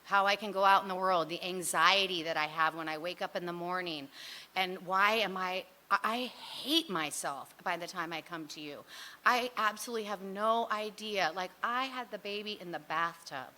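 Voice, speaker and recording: Bright-voiced woman sharing her recovery story. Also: fairly low pitch, moderate pace. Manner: candid, rambling, self-mocking; frequent fillers like "you know" and "like". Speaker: speaker sharing at a recovery meeting.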